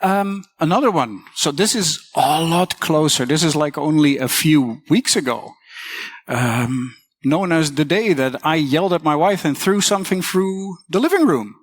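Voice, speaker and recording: A woman's voice: sits low, lively intonation, measured pace, breathy edge, no echo. A woman teacher giving a casual conference talk, swearing freely and acting out the voices she quotes.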